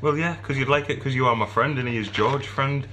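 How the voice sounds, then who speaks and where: A man's voice: medium pitch, brisk, sharp tone, slight background noise. A man co-hosting a podcast, chatting cheekily, laughing and swearing casually. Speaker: podcast co-host. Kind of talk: casual chat.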